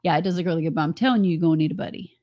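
A woman's voice: on the low side, rapid-fire, muffled recording. A woman chatting casually on a co-hosted show, teasing and laughing easily. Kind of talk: casual chat.

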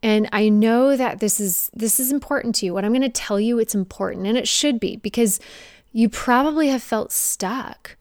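Upbeat woman coaching, bright and dry. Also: fairly high pitch, moderate pace, no room sound. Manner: energetic, conversational, playful with mocking asides. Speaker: fitness coach. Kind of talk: direct-to-camera coaching talk.

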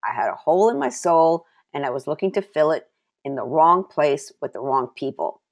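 Low-voiced woman giving an emphatic Bible teaching. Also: expressive, normal speed. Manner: emphatic, repeats key phrases for stress; personal testimony mixed with scripture reading.

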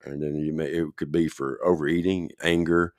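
Man, very deep voice, casual storytelling, rambling, dry close sound. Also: little pitch movement, normal speed, darkish tone, no room sound. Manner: rambling, checks in with the listener often. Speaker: guest telling his recovery story.

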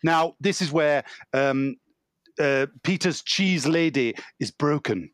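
A man's voice: a little high, slow pace, no echo, clean studio sound. A man in an improv comedy show, playing a fussy, effusive film director who stumbles over his words.

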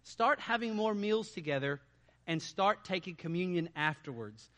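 A male pastor preaching a sermon, asking his congregation lively rhetorical questions. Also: high voice, moderate pace.

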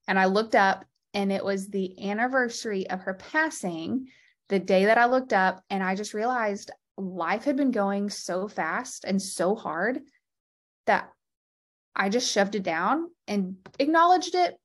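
A woman clinician talks as a guest in an interview. Her voice sits in a middle range. She speaks earnestly and openly, with heartfelt conviction, in a conversational way that comes in quick bursts. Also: mid-range voice, expressive. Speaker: interview guest, podcast founder and lymphedema clinician.

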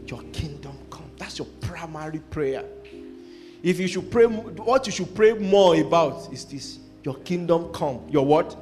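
High-voiced pastor preaching call-and-response. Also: male voice, a little mellow. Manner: call-and-response preaching, repeating phrases and asking the congregation to finish them. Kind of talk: sermon.

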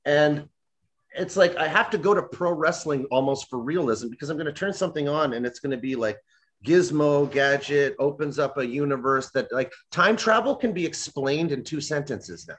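A man's voice: fairly high pitch, expressive, moderate pace, a bit bright. A young man ranting animatedly in a casual chat, often mimicking voices when he quotes people.

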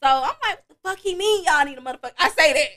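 Young woman gabbing fast and high, bright voice, swinging all over, acts out everybody. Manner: animated, profane, acts out voices and beats, laughs often. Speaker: podcast host. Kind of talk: casual storytelling chat.

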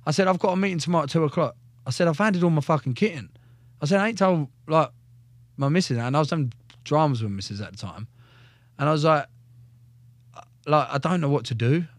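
On a relaxed podcast, this young ex-soldier retells his experiences in a blunt, animated way full of swearing. He speaks fast in a fairly high voice but leaves long pauses, and the sound is clean studio audio with no echo.

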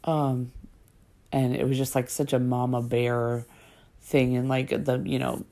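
A woman with an unusually deep voice and a gravelly fry, talking in a loose, rambling way. She fills her sentences with "like" and "um" as she tells a personal story. Her tone stays dark and mellow. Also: little pitch movement, a little slow. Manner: chatty, rambling, full of "like" and "um" fillers.

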